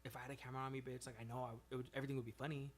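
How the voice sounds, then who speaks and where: A man, chatting casually on a podcast and telling profane, animated stories. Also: medium pitch, very fast, a crowd in the background. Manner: profane, animated storytelling with put-on quotes. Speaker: podcast guest. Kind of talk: casual chat.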